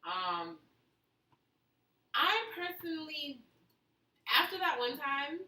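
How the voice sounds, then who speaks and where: A woman hosting a casual chat show, talking in chatty, quick bursts. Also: high voice, sing-song, sharp tone. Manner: chatty, quick bursts, playful voices for quotes. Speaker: host. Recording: echoey room, mic far off, faint noise.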